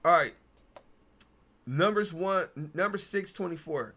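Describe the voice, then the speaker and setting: A man's voice: fairly high pitch, moderate pace, pushed and bright. A man, hosting a casual Bible study, reading verses aloud and then riffing on them in loose, slangy talk. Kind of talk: casual scripture reading and commentary.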